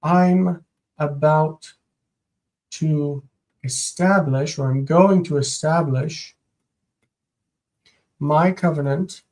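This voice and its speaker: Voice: mid-range voice, fairly even intonation, very slow, pauses often, a little mellow. A teacher giving a live-streamed Biblical Hebrew grammar lesson, sounding out Hebrew words and translating them, thinking aloud and repeating words while explaining.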